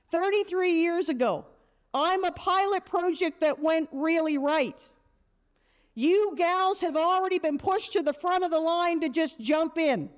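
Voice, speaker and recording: Brash high-voiced woman speaker. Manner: brash, joking, punchy storyteller. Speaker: motivational keynote speaker. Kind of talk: energetic motivational speech to teenage girls.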